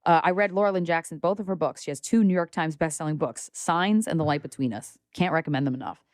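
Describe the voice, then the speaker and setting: A young woman talking as a podcast guest, animated and outspoken, with casual swearing. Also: low-pitched, fast talker, no room sound, clean studio sound. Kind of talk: casual conversation.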